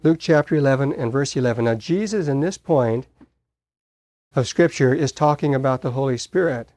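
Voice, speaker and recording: A man preaching a sermon, telling stories in a halting way with many pauses and fillers. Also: mid-range voice, darkish tone, dry recording. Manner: halting storyteller, frequent uh fillers.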